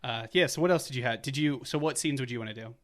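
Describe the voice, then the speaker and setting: A man's voice: mid-range voice, quick pace. Joking young man co-hosting a podcast. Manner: enthusiastic, joking, repeats lines for laughs. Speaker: podcast co-host. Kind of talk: casual chat.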